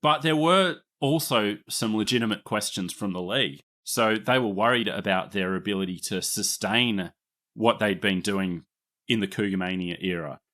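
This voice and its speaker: Aussie guy hosting a podcast, lowish voice, chatty explainer. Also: moderate pace, bright, forceful tone. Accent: Australian. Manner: explanatory, chatty, laughs easily. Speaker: podcast host. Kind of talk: casual history podcast narration.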